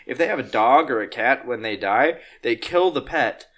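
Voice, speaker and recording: A man's voice: medium pitch, expressive, moderate pace, fairly bright tone. A young man from Utah co-hosting a casual podcast, playful and teasing, laughing and swearing freely. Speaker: podcast co-host.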